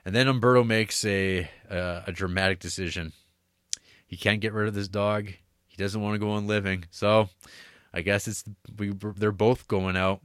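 A man's voice: fairly low pitch, normal speed, clear, resonant tone, no echo, studio quality. A man on a podcast, casually and animatedly retelling a film's plot, cursing freely. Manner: animated storyteller, drops into quoted voices; curses casually. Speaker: podcast co-host. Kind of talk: casual chat retelling a film.

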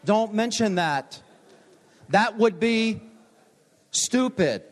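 A man's voice: high-pitched, expressive, extremely slow. Older preacher man in a reverberant chapel. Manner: storytelling, self-deprecating humor. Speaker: pastor. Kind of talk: homecoming chapel sermon. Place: large chapel. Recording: long hall reverb.

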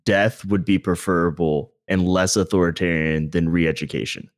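A man's voice: low voice, steady tone, normal speed. A man chatting on a podcast with offhand remarks. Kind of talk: casual podcast chat.

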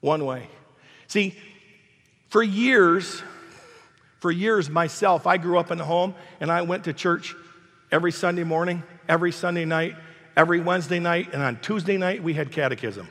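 A man's voice: fairly high pitch, normal speed, fairly bright tone, big-room sound. An older man preaching a sermon as pastor, emphatic and repetitive, in a church sanctuary.

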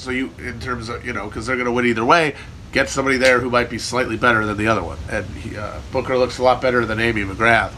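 Bright-voiced irreverent male streamer. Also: mid-range voice, slight background noise. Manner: irreverent, profane, riffing, jokey. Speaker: livestream host answering chat. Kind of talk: casual rambling chat.

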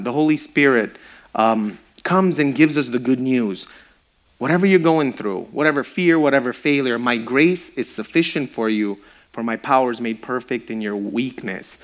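A man preaching a sermon in an earnest, emphatic way, repeating lines for effect. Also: mid-range voice. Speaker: pastor; grief counselor.

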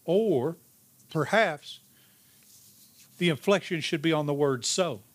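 A man preaching a sermon as pastor, emphatic, rising in pitch and then dropping to a hushed, slow delivery. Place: church sanctuary.

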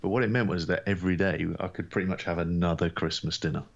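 A man with a very low voice co-hosts a chatty podcast, sounding relaxed and dryly grumbling. His sound comes through slightly muffled and lo-fi. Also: fast talker. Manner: laid-back, dry, grumbling. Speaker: podcast co-host. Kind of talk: casual podcast banter.

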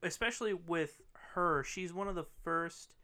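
A man's voice: fairly high pitch, measured pace. A man co-hosting a podcast, chatting casually and bluntly with frequent swearing. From US Midwest. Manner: blunt, profane, animated. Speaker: podcast co-host. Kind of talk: casual chat.

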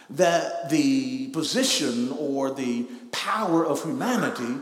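A man preaching a sermon as pastor, building from slow, measured teaching to loud, drawn-out emphasis. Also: medium pitch. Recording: echoey hall, mic at a distance.

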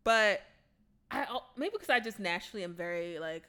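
A woman's voice: medium pitch, moderate pace, smooth. A young woman co-hosting a casual chat, telling stories dramatically and laughing often. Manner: animated, dramatic storytelling with lots of laughter.

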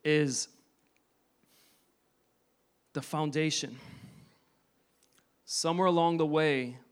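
Guy in his 30s giving a sermon testimony, earnest, kinda higher voice, stops and restarts a lot. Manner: earnest, halting storytelling with many restarts. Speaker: preacher.

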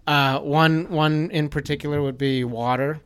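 Dude co-hosting a podcast, wry and teasing, really smooth clean voice. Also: male voice, on the high side, fairly even intonation, measured pace, a bit bright. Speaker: podcast co-host. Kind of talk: casual chat.

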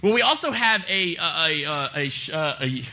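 Young man, youth pastor, high bright voice, energetic humorous storytelling. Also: normal speed. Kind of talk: youth sermon. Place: church youth service.

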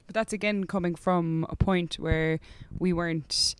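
An Irish guest chats casually on a podcast, sprinkling "like" through every thought. The voice is smooth and clear at a middling pitch. The recording is dry and close. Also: steady tone, a little slow, dry recording. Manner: chatty, lots of "like" fillers.

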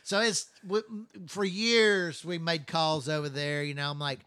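A man's voice: on the high side, fairly even intonation, measured pace, sharp tone, clear, resonant tone, no room sound. Blunt, profane man telling rambling stories. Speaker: first responder telling stories. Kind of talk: casual storytelling chat.

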